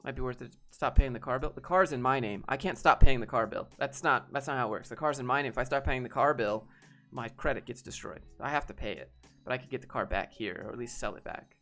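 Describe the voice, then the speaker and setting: A young man, a guest, telling a frustrated, halting personal story in a casual way. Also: mid-range voice, sharp tone, soft background music.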